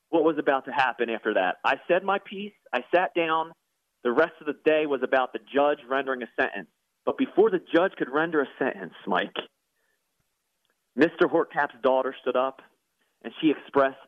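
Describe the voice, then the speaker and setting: A man's voice: mid-range voice, dry recording. Earnest man telling his story down a phone line. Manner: earnest, preacherly, repeats words when moved. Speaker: guest, former professional soccer player and pastor. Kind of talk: emotional personal testimony. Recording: tinny phone-line sound.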